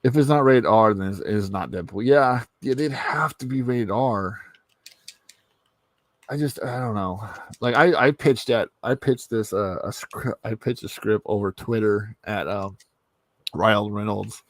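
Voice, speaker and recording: A man hosting a casual live stream, talking in a rambling, animated way and swearing freely. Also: on the low side, a little slow, no room sound. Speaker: stream host. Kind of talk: casual chat.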